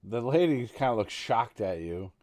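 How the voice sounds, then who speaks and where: A man narrating as dungeon master in an online tabletop game, halting with fillers and restarts. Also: medium pitch, animated, a little mellow.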